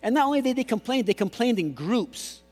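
A man preaching a sermon as pastor, animated and jokey, mimicking voices. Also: very high voice, a little fast, breathy edge. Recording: long hall reverb.

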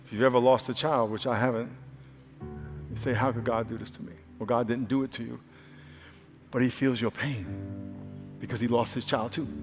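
A male pastor preaching a sermon, swinging from loud exclamations to hushed, earnest asides. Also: medium pitch, little pitch movement, moderate pace, long pauses. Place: large church hall. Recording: live sermon with hall reverb and faint music.

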